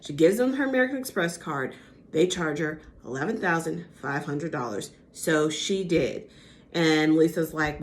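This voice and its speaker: A young woman recapping a reality TV episode in casual gossip chat, animated and acting out the cast's lines. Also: low-pitched, normal speed. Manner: animated, acts out quotes with impressions.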